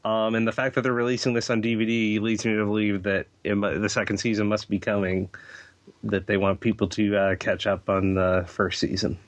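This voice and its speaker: A man's voice: on the low side, level tone, brisk, no room sound. A man appearing as a podcast guest, recommending a show in a chatty way, with his speech full of "like" and "um". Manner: filler-heavy, chatty recommending with many "like"s. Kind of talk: casual podcast chat.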